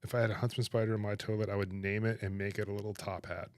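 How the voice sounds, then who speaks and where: A man chatting on his livestream, animated and laughing, protesting in exaggerated disbelief. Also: fairly low pitch, very fast, no echo. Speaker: streamer reacting to chat. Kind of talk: casual livestream chat.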